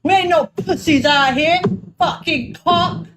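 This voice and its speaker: A woman's voice: high-pitched, unhurried, noisy background. A woman hosting a livestream in casual chat, brash and foul-mouthed, often laughing. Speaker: livestream host.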